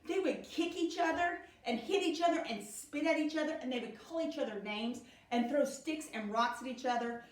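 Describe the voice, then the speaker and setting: A middle-aged woman gives a children's Bible lesson in a slow, sing-song storytelling way. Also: sits high. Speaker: Sunday school teacher. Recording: echoey room, speaker far from mic.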